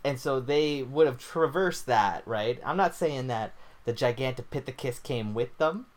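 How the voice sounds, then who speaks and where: A man's voice: mid-range voice, unhurried. A young man co-hosting a casual podcast, joking around and rambling through his theories with lots of fillers. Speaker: podcast co-host. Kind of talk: casual chat.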